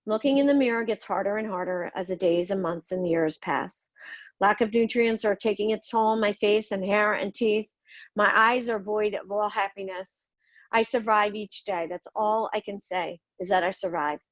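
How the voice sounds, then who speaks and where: Speaking at normal speed in a medium-pitched voice, a middle-aged woman recounts her life on her podcast in a somber, confessional memoir narration. She's blunt and swears at times. The recording is dry and lo-fi.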